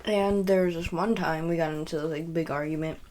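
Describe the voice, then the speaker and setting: Young woman, low voice, casual storytelling, rambling, swears. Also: fairly even intonation, brisk, a little mellow. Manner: rambling, frequent fillers and self-corrections, swears. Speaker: podcast host.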